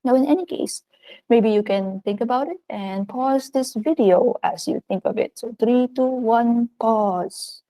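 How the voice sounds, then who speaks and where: A working-age woman with a Filipino accent teaches a recorded video lesson, a little slowly, in an upbeat, animated voice that jumps up in pitch without warning. The recording is rough.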